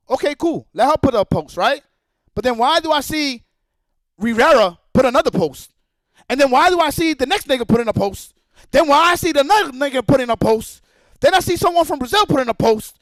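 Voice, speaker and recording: A man's voice: extremely high pitch, a bit bright, dry recording. A man streaming live, ranting in a profane, heated and repetitive way. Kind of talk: livestream rant.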